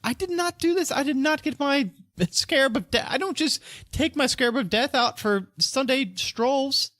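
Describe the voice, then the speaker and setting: A man's voice: sits high, sing-song, a bit bright, no echo, studio quality, pitched above the performer's own voice. A man voicing a fussy, defensive noble merchant who protests indignantly. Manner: indignant, protesting, talks fast.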